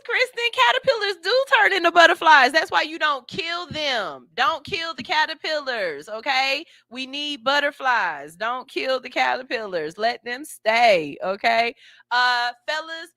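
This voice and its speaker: A woman hosting a radio show, joking and telling stories in animated, slangy casual chat. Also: sits high, slow pace, dry recording.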